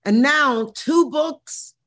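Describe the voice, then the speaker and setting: Her voice sits high, with a fairly bright tone, and she talks very slowly. This Missouri woman in her sixties is an interview guest narrating her life in a dramatic, brassy and profane way.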